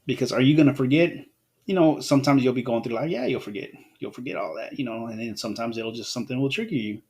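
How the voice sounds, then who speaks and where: A man's voice: medium pitch, fast talker, a little mellow. A man hosting an unscripted solo podcast, talking in a rambling way and often restarting his phrases. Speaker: podcast host.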